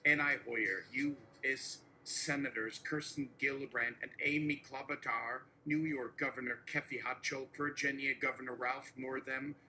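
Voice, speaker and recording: A man reads a satirical speech in a flat, deadpan manner, working steadily through long lists. His voice sits at an ordinary middle pitch. The recording has a clear layer of background noise under it. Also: moderate pace, hardly any pauses, low-quality recording. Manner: steady listing delivery. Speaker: host reading a mock speech.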